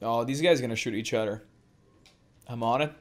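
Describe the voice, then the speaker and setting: A woman's voice: rumbling low, fairly quick, faint music behind. A woman giving let's play commentary as a gameplay streamer, swearing constantly and ranting at the game.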